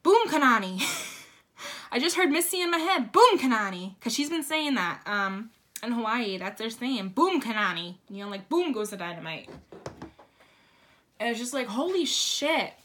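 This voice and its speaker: A woman giving a casual tarot reading, excitable and swearing, breaking into shrieks and laughter. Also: a little high, a little slow. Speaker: tarot reader.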